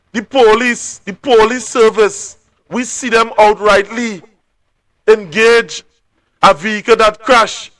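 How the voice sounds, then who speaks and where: A man's voice: high-pitched, unhurried, sharp tone. A man with a Trinidadian accent hosting a live call-in show, blunt and emphatic, repeating himself for effect. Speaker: talk show host.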